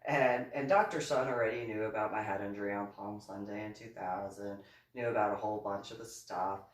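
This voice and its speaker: A woman's voice: very deep voice, fairly even intonation, brisk. A middle-aged woman telling a rambling personal story in a wry, sarcastic way, chuckling often and restarting her sentences. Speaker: author and reverend. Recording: roomy, voice from a distance.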